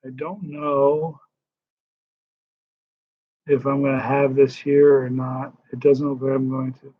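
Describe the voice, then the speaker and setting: A man in his sixties hosting a casual live stream Q&A, telling stories in a chatty, animated way. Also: mid-range voice, slow. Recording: dull lo-fi live stream audio.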